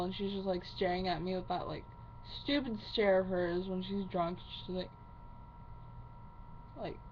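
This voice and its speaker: A woman ranting angrily to camera, swearing heavily and sounding upset. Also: medium pitch. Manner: heavy swearing, fiery and upset. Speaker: vlogger. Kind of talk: angry personal rant to camera. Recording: muffled lo-fi recording with faint hiss.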